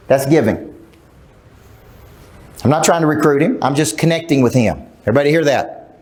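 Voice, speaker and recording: Middle-aged man seminar speaker, fairly high voice, emphatic coach who works the crowd with questions. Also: normal speed, pauses often, darkish tone. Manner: emphatic, asks the crowd questions, acts out quotes. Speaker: sales coach. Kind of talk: live seminar talk to an audience. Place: large event room.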